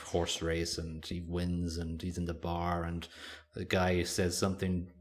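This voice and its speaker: A man's voice: low voice, monotone, a little slow. A man co-hosting a podcast, chatting casually and rambling with lots of fillers. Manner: rambling, hesitant, many fillers. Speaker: podcast co-host. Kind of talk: casual chat.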